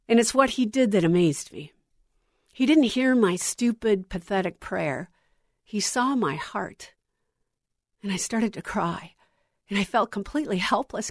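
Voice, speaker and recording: A woman's voice: on the high side, lively intonation, a little slow, no room sound. Earnest woman radio host, close and dry. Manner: earnest, intimate, drops to a hush for tender lines. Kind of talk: heartfelt on-air testimony.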